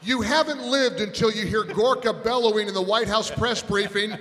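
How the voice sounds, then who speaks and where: Bright-voiced man telling a story on stage. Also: sits high, moderate pace, few pauses. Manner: animated, builds to loud punchlines. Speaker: radio talk host on a panel. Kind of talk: live storytelling to an audience. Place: large event hall on stage. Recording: long reverb in a big hall.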